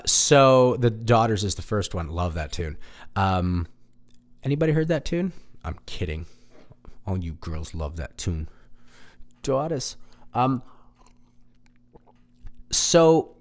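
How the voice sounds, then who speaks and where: A man in his thirties hosting a podcast, telling a candid, rambling personal story in a self-deprecating way and swearing now and then. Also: on the low side. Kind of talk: casual monologue.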